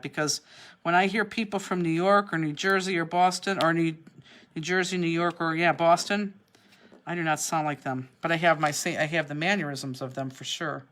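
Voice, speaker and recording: Chatty woman with a low voice. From Cleveland, Ohio. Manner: chatty, animated, laughs easily. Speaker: craft class host. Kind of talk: casual chat during a live online class.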